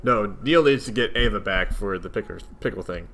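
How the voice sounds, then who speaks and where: A man's voice: lowish voice, brisk, a bit bright. A young man commenting casually as he plays a video game, chatty and self-mocking. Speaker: let's play host.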